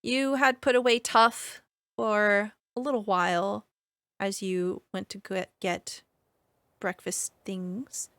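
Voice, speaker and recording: A woman running a tabletop game as game master, narrating in a calm, measured way. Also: medium pitch, smooth, dry recording.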